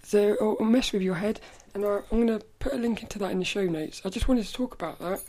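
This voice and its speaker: A woman's voice: medium pitch, fast, warm tone. A woman hosting her own podcast in casual solo chat, rambling and stopping to restart her sentences. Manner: rambling, stop-start, self-correcting. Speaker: podcast host.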